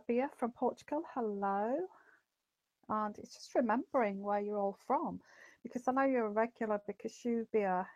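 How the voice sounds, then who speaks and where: A woman's voice: medium pitch, dry recording. A woman hosting a psychic livestream, chatting casually and greeting viewers by name with plenty of ums and uhs.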